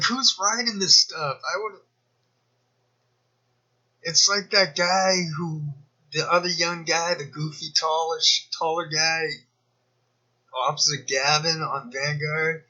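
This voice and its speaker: A man's voice: fairly high pitch, bright, forceful tone, dull audio. A man giving rambling, sarcastic commentary as a YouTuber, full of mocking asides and digressions. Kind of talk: rambling screen-share commentary.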